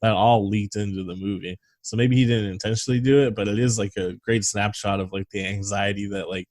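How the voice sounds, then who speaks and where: A man's voice: lowish voice, fairly even intonation, fairly quick, a little mellow, no echo. A man co-hosting a movie podcast, rambling and swearing casually while reading film trivia aloud. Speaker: podcast co-host. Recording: dry close sound over a video call.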